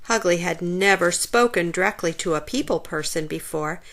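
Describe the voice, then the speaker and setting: A woman reads a children's storybook aloud with lively, animated expression. Her voice sits on the low side, and she keeps a normal pace.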